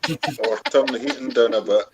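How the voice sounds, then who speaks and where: A man's voice: medium pitch, moderate pace. A man trading crude jokes in a casual live-stream chat over a noisy call line. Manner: crude, joking banter.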